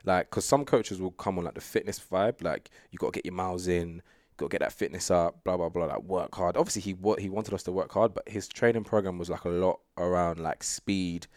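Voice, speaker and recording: Speaking fairly quickly in a deep voice, this young guest sprinter chats loosely through a casual interview, rambling with plenty of fillers and laughter. It's studio quality, with no room sound at all.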